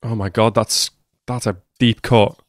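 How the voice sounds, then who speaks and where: A man reacting to an anime episode, swinging between hushed muttering and loud, swearing outbursts. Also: lowish voice, fairly even intonation, unhurried, no echo, studio quality. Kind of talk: live reaction commentary.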